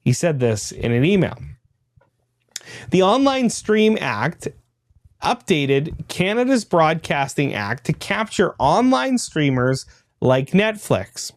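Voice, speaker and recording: A man's voice: on the high side, very animated, slow, dry recording. A man hosting a podcast, reading a news article aloud and breaking off for dry, laughing asides. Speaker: podcast host.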